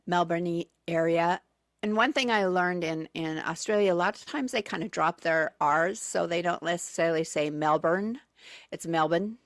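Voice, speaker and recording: A woman's voice: lowish voice, no echo, studio quality. A woman telling travel stories as a guest on a radio show, chatty and full of fillers and restarts. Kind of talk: casual radio chat. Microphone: studio microphone.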